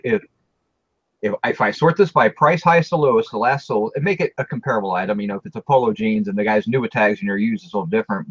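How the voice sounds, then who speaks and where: Man, halting explainer, casual chat, dull dry sound. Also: medium pitch, husky, no echo. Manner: halting, repeats words while explaining.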